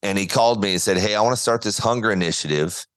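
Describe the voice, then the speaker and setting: A man's voice: lowish voice, fast, a bit bright, no echo. A man, a guest on an interview podcast, telling a story earnestly and acting out the quotes. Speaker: guest, former baseball pitcher. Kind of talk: conversational interview.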